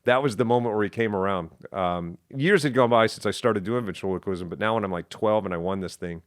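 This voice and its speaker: A man's voice: on the low side, fairly quick, dry recording, clean studio sound. A middle-aged man from Texas, a guest who tells stories animatedly and slips into voices. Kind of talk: casual storytelling.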